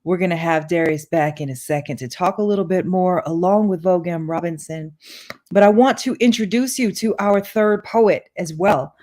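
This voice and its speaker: A woman's voice: fairly low pitch, moderate pace, warm tone. A woman hosting a poetry reading, chatting casually with a laugh before reading a guest's introduction. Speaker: event host.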